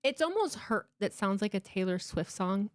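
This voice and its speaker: A woman in her thirties hosting a live watchalong stream, chatting casually from home in an animated, emotional way, swearing freely and restarting her sentences. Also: medium pitch, normal speed, no room sound. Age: 30s.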